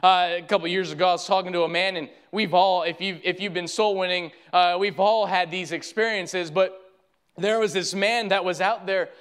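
A man's voice: sits high, steady tone, normal speed, a bit bright, clear, resonant tone. A man preaching a sermon as pastor, fervent and repetitive, calling his listeners friend.

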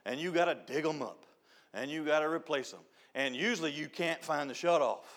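A man's voice: on the high side, a little fast. Joking preacher man. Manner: storytelling, joking, shouts and laughs at punchlines. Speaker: youth director preaching. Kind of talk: folksy sermon. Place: church sanctuary.

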